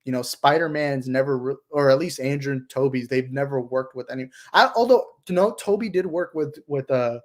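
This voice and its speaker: A young man in mid-range pitch gushes through a casual movie chat as the channel host. He talks in an excited, rambling way and leans on fillers and restarts as he goes. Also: fairly quick, hardly any pauses. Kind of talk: casual movie discussion livestream.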